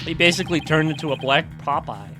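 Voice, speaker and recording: A man's voice: on the high side, quick pace, music in the background. A male streamer giving casual commentary while he plays a game, joking at his own expense and swearing now and then. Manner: joking and self-deprecating, swears and laughs.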